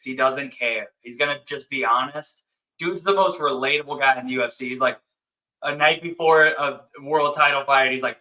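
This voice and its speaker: Animated man in casual fight chat. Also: mid-range voice, low-quality recording. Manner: excited, talks fast with many "like"s. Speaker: co-host.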